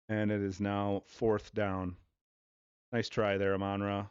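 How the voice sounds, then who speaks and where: A man's voice: lowish voice, steady tone, moderate pace, clean tone, no room sound. A man livestreaming from home, chatting loosely and crudely while giving offhand play-by-play of a game on TV. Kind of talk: casual livestream chat. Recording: dull lo-fi dry sound.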